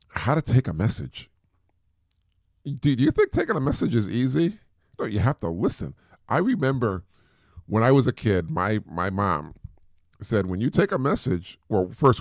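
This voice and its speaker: Gravelly middle-aged man giving chatty advice. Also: lowish voice, sing-song, moderate pace, pauses often, no room sound, clean studio sound. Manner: chatty, repeats words, mimics voices for effect. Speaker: podcast host. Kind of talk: casual advice talk.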